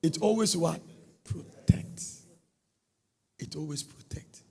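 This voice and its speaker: A middle-aged man preaching a sermon, swinging from soft, low talk to shouted, sing-song bursts. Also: slow, gravelly, breathy edge.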